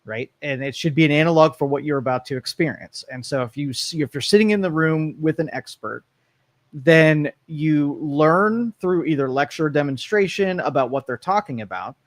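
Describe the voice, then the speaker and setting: A male co-host on a live studio talk show, trading dry, teasing remarks with his partner. His voice sits a little high for a man, and the mic is close with no room sound. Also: moderate pace, no echo. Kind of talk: casual radio chat. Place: radio studio.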